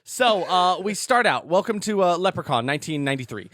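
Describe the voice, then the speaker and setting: A man co-hosting a podcast, recapping a movie in a casual, animated way with frequent laughter. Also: high-pitched, a little fast, no room sound, clean studio sound. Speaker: podcast co-host. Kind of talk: casual movie-review chat.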